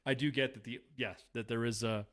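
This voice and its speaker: An older man interviewing a guest, asking probing questions in a halting way that repeats words. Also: mid-range voice, steady tone. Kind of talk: casual interview.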